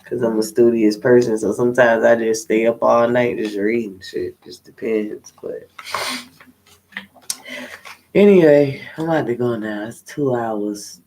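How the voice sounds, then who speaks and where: A man's voice: medium pitch, fairly even intonation, a little slow, a little mellow, a little hiss or hum. A tired man, a tarot reader, chatting to viewers in a candid, rambling way with plenty of swearing. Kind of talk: casual unscripted chat to viewers.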